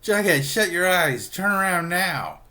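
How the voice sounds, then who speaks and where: An earnest teenage boy who frets and warns in an anxious way, as a man puts him on. His voice is pitched a little higher than the man's own. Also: animated, moderate pace, fairly bright tone, natural voice.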